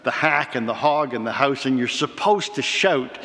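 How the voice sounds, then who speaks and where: A man's voice: mid-range voice, animated, fairly bright tone. Reflective male preacher in a reverberant hall. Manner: measured, reflective preaching with slow emphatic pauses. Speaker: pastor. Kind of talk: sermon.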